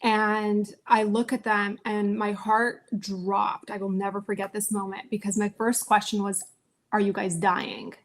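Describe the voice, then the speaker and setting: A woman's voice: mid-range voice, a little slow, hardly any pauses. A woman in her thirties, a founder and CEO, telling her life story as a podcast guest and acting out family conversations. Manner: animated, acts out family dialogue. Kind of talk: storytelling interview.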